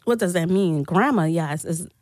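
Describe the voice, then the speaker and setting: A woman's voice: on the low side, moderate pace, darkish tone, no room sound, clean studio sound. A woman co-hosting a casual chat, asking puzzled questions and laughing. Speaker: podcast co-host.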